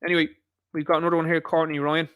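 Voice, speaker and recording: A man's voice: on the high side, little pitch movement, rapid-fire, a bit bright, clear, resonant tone, no room sound. An Irish man hosting an online commentary show, rambling and opinionated as he reacts to posts and talks straight to his viewers.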